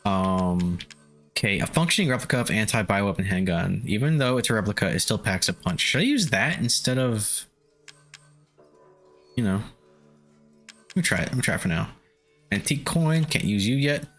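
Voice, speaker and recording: A man's voice: lowish voice, animated, normal speed, pauses often, a bit bright, faint music behind. A young man streaming a game, chatting casually with viewers, laid-back, swearing and laughing often. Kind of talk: casual gameplay chat with viewers.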